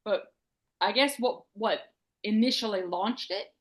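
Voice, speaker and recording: A woman hosting a casual interview over a video call, chatty and quick to laugh. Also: mid-range voice. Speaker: podcast host.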